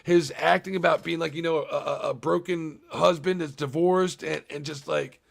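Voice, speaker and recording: Man, young, gravel-voiced, profane, rambling, streaming movie recap. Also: on the high side, fairly even intonation, normal speed. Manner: profane, rambling, talks to chat.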